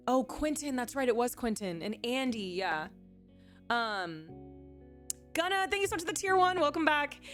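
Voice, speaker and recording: A woman's voice: fairly high pitch, a bit bright. A woman chatting casually on a livestream, a former reality show contestant who keeps reacting to viewers' chat messages. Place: home streaming setup, faint music behind.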